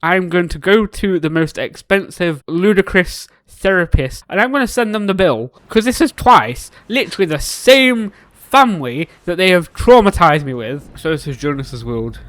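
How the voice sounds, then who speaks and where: A man hosting a reaction video, excitable, swinging between shouts and mutters as he reacts to a series. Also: high-pitched, normal speed, dry recording, studio quality.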